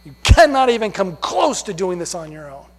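A man preaching a sermon, emphatic, swinging from loud stresses down to hushed words. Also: high-pitched, sing-song, normal speed. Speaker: pastor. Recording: long hall reverb.

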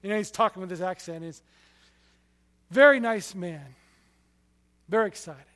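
A man preaching a sermon, telling stories with passion, his loudness rising and falling sharply. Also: sits high, moderate pace, long reverb tail.

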